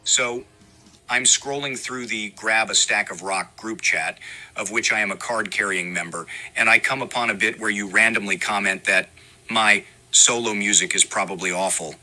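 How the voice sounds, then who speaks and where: A man's voice: on the low side, normal speed, bright, forceful tone. A man doing a ranting, scolding rock singer. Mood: mock outrage. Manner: scolding, mock-outraged rant. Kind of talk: comedy sketch impression.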